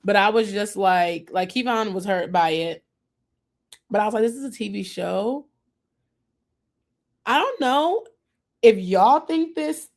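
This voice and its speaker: A woman's voice: medium pitch, lively intonation, unhurried, long pauses. A woman hosting a casual TV recap chat, chatty and opinionated, often acting out what people on the show said. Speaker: host.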